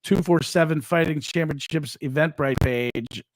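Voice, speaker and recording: A man co-hosting a live podcast, pitching upcoming events in an upbeat, promotional way with hype slang. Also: a little slow, dry recording. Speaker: podcast co-host and fight promoter. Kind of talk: casual live podcast chat. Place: studio.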